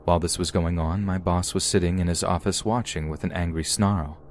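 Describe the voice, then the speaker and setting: Deep-voiced man narrating a horror story. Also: fairly even intonation, fairly quick, slight background noise. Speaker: podcast narrator.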